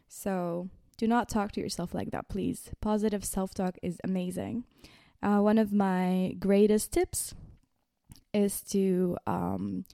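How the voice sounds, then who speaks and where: A young woman hosting a podcast, giving casual motivational self-help talk in a chatty, expressive way, often saying "like" and "guys". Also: mid-range voice, dry recording, clean studio sound. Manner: chatty and expressive, many "like"s, addresses listeners as "guys". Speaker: podcast host.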